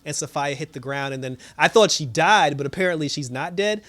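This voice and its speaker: Animated man recapping a TV episode. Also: on the high side, a little fast. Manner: animated storytelling, many fillers. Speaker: TV episode reviewer. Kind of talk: casual recap.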